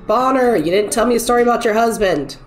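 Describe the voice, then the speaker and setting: A woman's voice: a little high, animated, fast. A woman streaming a cozy game while sick with a cold, chatting in a rambling, easygoing way and cooing at the cats on screen. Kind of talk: casual gameplay chat. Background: faint game music.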